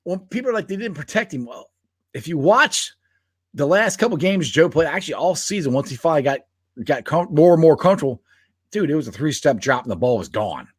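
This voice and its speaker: Lively, animated sports-podcast co-host man. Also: on the high side, a little fast, slightly rough, no room sound, clean studio sound. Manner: animated, laughs often, restarts sentences. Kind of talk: casual sports chat.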